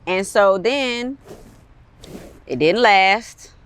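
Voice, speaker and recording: A woman of Caribbean background, a guest in an interview, telling stories in a casual, animated way with frequent laughter. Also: mid-range voice, drawn-out words, smooth. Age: adult with a son. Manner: animated, laughs often, quotes others. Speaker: interview guest, artist and model.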